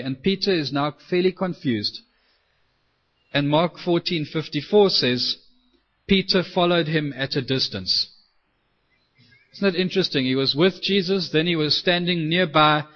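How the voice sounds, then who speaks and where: Brief: male preacher, slightly high voice, animated storyteller, dull lo-fi recording. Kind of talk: sermon.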